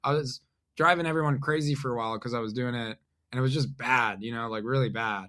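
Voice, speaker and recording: A man speaking as a podcast guest in a casual chat. His tone is bright and forward, and his pitch sits in the middle range. He talks haltingly and deadpans his jokes. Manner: halting, deadpan, self-deprecating. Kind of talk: casual conversation.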